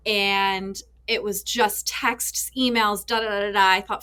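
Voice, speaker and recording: A therapist and author in her thirties, appearing as a guest on a podcast, speaks in a mid-range voice at a normal speed. She tells her stories with real animation, acting out little voices for the people in her anecdotes.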